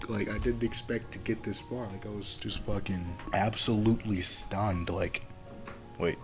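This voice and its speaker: Young guy, lowish voice, loose profane storytelling, faint music underneath. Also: steady tone, moderate pace, rough recording. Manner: rambling, profane, lots of fillers and restarts. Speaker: vlogger. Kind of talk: casual story-time monologue.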